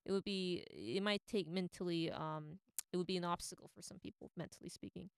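A woman with a lowish, smooth and resonant voice rambles through her opinions on movie casting. She talks in a loose, offhand way, full of fillers and restarts, recorded close and dry. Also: fairly quick, no echo. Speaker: entertainment commentator. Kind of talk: casual opinion commentary.

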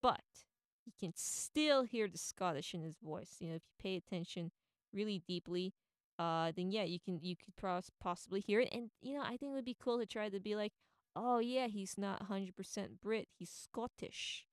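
A woman's voice: mid-range voice, brisk, clean tone, no echo, studio quality. A woman giving a casual, opinionated and rambling monologue as a pop culture commentator.

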